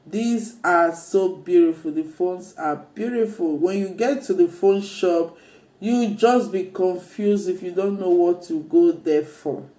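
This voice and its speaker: Slow, gushing woman in an echoey room. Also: fairly low pitch, dark tone. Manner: gushing, repeats herself, addresses viewers as guys. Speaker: vlogger. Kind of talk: casual vlog chat. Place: phone shop, then at home.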